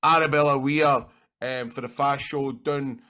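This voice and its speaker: A man with a Scottish accent, a guest in an interview, telling rambling, animated stories and swearing freely. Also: medium pitch, a little slow. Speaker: interview guest, actor and wrestler. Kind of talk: casual anecdotal storytelling.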